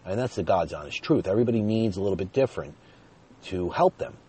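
A man's voice: low voice, lively intonation, fast talker, warm tone, slightly rough. A man telling a personal story in a chatty way, talking straight to his viewers and chuckling now and then.

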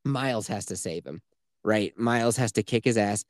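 A man's voice: lowish voice, moderate pace, no room sound, clean studio sound. A man casually retelling a video game's plot on a podcast, profane and mocking. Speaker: podcast host. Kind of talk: casual game review chat.

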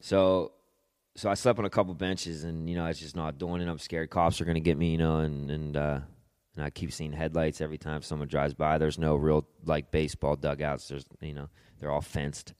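A young man, a podcast guest, telling his own story in a halting way, repeating words and swearing casually. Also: extremely low pitch, level tone, a little mellow, clear, resonant tone, no echo, studio quality. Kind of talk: personal storytelling.

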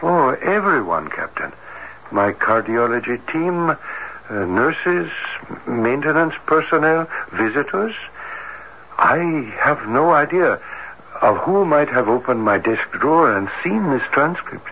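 An actor playing a reserved heart doctor in an old-time radio drama, speaking in a formal, measured and hesitant way. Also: male voice, medium pitch, sing-song, breathy edge, heavily acted. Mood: earnest. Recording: dull lo-fi radio broadcast with faint hiss.

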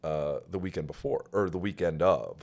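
Low-voiced man telling wrestling stories. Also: normal speed, vocal fry, a little mellow. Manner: profane, self-mocking storyteller. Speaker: podcast host. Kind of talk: casual storytelling chat.

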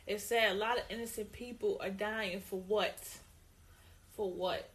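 A woman co-hosting a casual opinion talk, emphatic and repeating her points, with lively put-on greetings. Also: medium pitch, measured pace. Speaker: co-host.

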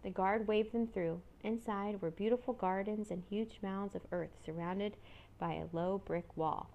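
A woman reading a children's chapter book aloud in a steady, measured way. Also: medium pitch, narrow, tinny audio. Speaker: narrator. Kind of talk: storybook read-aloud.

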